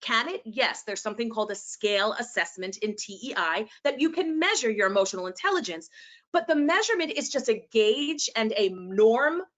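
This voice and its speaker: Passionate New York woman presenter. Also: on the high side. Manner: passionate, animated, sometimes fast. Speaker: educator and presenter. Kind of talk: presentation to teachers.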